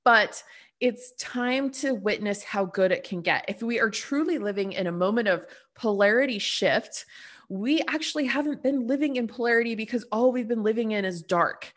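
A woman's voice: on the high side, moderate pace. A woman hosts her own podcast and talks through a loose spiritual monologue straight to her listeners. Her speech rambles with fillers. She turns blunt and profane whenever she pushes a point. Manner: chatty, full of "like" and "you know". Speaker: podcast host.

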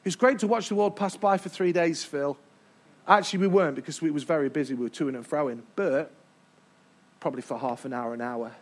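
A man's voice: fairly high pitch, fairly quick. A man preaching a sermon to a live congregation, emphatic and stretching key words as he draws in the crowd. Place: church before a live congregation.

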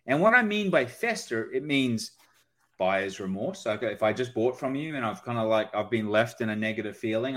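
Guy on a podcast explaining stuff fast and lively, keeps saying right?. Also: mid-range voice. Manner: energetic explainer, often asks "right?". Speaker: guest expert on sales calls. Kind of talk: podcast conversation.

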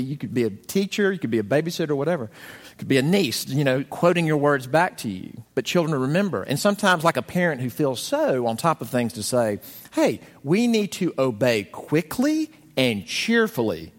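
A man's voice: medium pitch, big-room sound. A man preaching a conversational sermon, telling stories expressively and acting out the lines he quotes. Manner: expressive storyteller, voices quotations dramatically. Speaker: pastor.

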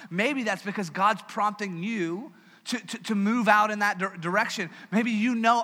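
A man preaching a sermon as pastor, in a conversational, joking and animated manner, in a church hall with a long reverb. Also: high-pitched, normal speed.

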